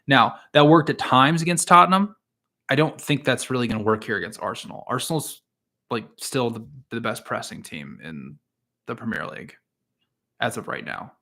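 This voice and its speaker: A man talks through the week's soccer matches in a loose, off-the-cuff way. He rambles, backtracks and fills pauses with "uh" and "um", his pitch sitting in an ordinary middle range. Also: expressive, bright, forceful tone. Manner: rambling, frequent fillers and restarts. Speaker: podcast host and soccer analyst. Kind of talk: casual solo podcast talk.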